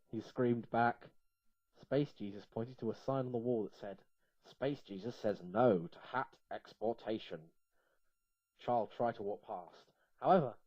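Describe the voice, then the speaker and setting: Male reader for an absurd comic story, playful and lively, animated pitch, dull lo-fi recording. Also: dry recording.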